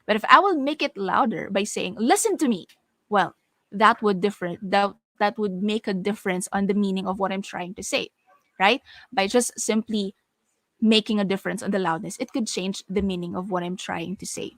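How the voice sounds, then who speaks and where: A woman giving an online lecture on voice and speaking skills for teachers, speaking with clear, deliberate delivery and stressing her examples. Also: medium pitch, fairly bright tone, dry recording. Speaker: webinar speaker on voice training for teachers.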